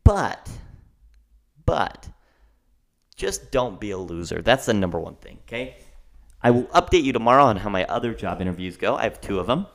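A young man hosting his own podcast, talking off the cuff in an excitable, rambling rush. His voice sits somewhat low for a man, and he jumps from one thought to the next. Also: vocal fry. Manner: rambling, excitable, self-described fast talker. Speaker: podcast host. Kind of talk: casual solo podcast rant.

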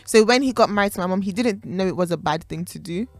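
A young woman in casual podcast chat, mid-pitched and animated. She talks in a preachy way, laughs often and drops casual slang. The sound is dry and close. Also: fast, no echo, faint music behind. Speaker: podcast co-host.

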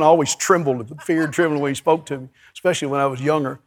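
High-voiced pastor preaching. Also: male voice, fast talker, hardly any pauses. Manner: lively, storytelling, calls to the congregation. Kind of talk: sermon. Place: church before a congregation.

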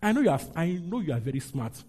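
A man's voice: fairly high pitch, big pitch swings, quick pace, a little mellow, breathy edge. A man preaching a sermon as pastor, leading his congregation in call-and-response scripture reading. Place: church with a congregation.

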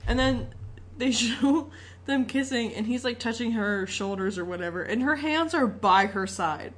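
A woman co-hosting a podcast, animated and laughing as she recaps a movie in casual chat, swearing freely along the way. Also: fairly high pitch, moderate pace. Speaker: podcast co-host.

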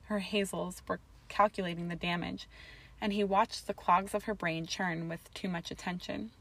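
A woman narrates a story aloud at a steady pace. Her voice sits slightly low for a woman, and her delivery stays calm and even throughout. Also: moderate pace. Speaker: reader. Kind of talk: audiobook narration of fan fiction.

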